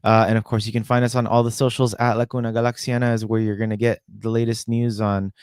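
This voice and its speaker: A man's voice: medium pitch, level tone, fast, a little mellow, smooth, no room sound, studio quality. A man co-hosting a soccer podcast, talking in an easygoing way with joking asides. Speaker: podcast co-host. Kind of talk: casual sports podcast chat.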